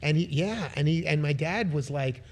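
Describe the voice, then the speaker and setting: Guesting on a podcast, a middle-aged man speaks at normal speed in a fairly high voice. His casual storytelling is animated, with him performing the voices of the characters involved.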